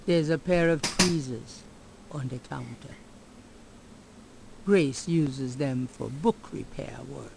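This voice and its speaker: A wry 90s game narrator, real slow, gravelly, dry. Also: female voice, a bass voice, a little mellow, slight background noise, heavily acted, low-quality recording.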